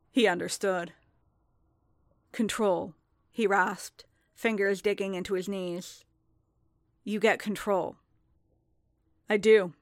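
Woman, story narrator, intimate even reading, middle pitch, dry close recording. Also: no echo. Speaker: reader. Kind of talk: narrating fan fiction aloud.

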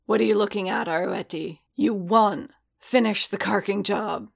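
A woman voicing a hulking, wounded male warrior who snarls and shouts in fury and pride. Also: mid-range voice, normal speed, creaky, slightly rough. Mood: furious.

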